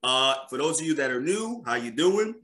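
A man hosting a podcast in casual chat, loud, hyped and slangy, often laughing. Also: on the high side, sing-song, moderate pace, echoey room. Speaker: podcast host.

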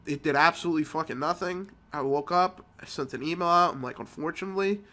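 A man's voice: a little high, quick pace, pushed and bright. A man hosting a mobile game channel, telling a rambling, profane story while sick with a cold. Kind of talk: casual gameplay commentary.

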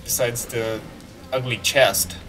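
A man giving casual, excitable commentary while playing a video game, joking and talking back to the game. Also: medium pitch, takes it slowly, recorded from a distance, music in the background. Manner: excitable, jokey, talks to the game. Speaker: let's play gamer.

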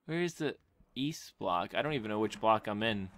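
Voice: mid-range voice, moderate pace. A gamer giving let's play commentary, talking to themselves, swearing and yelping at sudden events. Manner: excitable, yelps and shrieks at sudden events; talks to self, swearing and laughing. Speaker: gameplay commentator.

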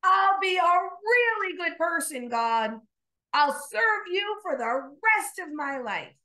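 A woman voicing a panicked man clinging to a cliff, shouting and pleading. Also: very high voice, very animated, takes it slowly, pitched above the performer's own voice, exaggerated voice.

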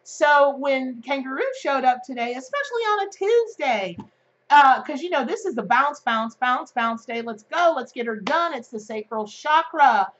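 A bubbly, excitable woman talks her viewers through a daily tarot card pick in a chatty way, with plenty of filler words. Her voice sits a little high. The recording is a bit dull and lo-fi. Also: moderate pace. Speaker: tarot reader. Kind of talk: daily tarot reading to camera.

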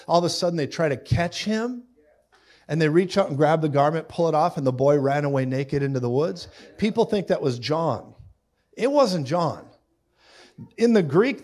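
Preacher, man, middle-aged, lively sermon delivery, slightly high-pitched. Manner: animated storytelling, acts out voices with loud sound effects.

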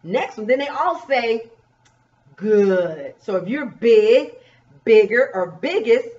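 A woman teacher giving a remote pre-K lesson, drawing out words and asking young children gentle questions. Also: on the high side, animated. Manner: slow, drawn-out, coaxing questions to young children. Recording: dull, distant recording.

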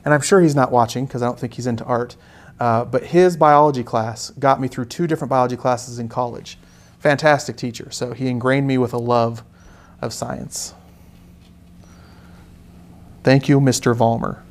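A young man hosting a live painting lesson, relaxed and joking with chatty asides. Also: medium pitch, brisk. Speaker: art instructor hosting a live painting stream. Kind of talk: casual live tutorial chat.

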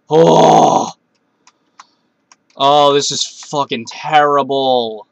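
A man's voice: mid-range voice, slow pace, long pauses, fairly bright tone, dry recording. A man giving casual commentary while playing a video game, talking to himself and cursing at setbacks. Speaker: Let's Play gamer.

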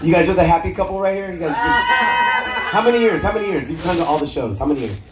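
Profane high-voiced male stand-up comic. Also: expressive, fast. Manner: profane, teasing, laughing at his own jokes. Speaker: stand-up comedian. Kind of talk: crowd-work stand-up. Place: cruise ship comedy club. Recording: echoey room, loud crowd laughter.

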